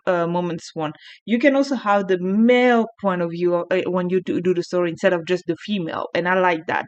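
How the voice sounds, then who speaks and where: A woman vlogger chatting casually, frank, crude and rambling. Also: lowish voice. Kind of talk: casual unscripted chat. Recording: muffled lo-fi sound.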